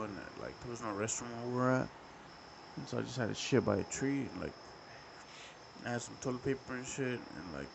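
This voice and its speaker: A young man hosting a podcast, telling a story in a profane, rambling, animated way. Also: on the low side, gravelly, slight background noise, poor audio. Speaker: podcast host. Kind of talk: casual storytelling.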